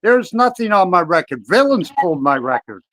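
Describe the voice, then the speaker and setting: A man's voice: sits high, big pitch swings, normal speed, fairly bright tone, dry recording, poor audio. A man speaking as a guest on a livestream, defiant, confrontational and swearing freely. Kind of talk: casual livestream chat.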